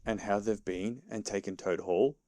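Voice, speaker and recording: A man's voice: fairly low pitch, steady tone, normal speed, dark tone, dry recording, close to an everyday voice. A man voicing a stern, sensible water rat. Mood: excited. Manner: lecturing, serious and reproachful.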